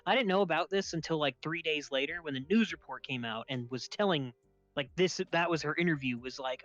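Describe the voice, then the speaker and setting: A man's voice: fairly high pitch, a little fast, fairly bright tone, no echo, soft background music. A young man with a slightly raised voice tells a story in loose, casual chat, laughing often and swearing freely. The sound is dull and lo-fi, close and dry with no room around it. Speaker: podcast host.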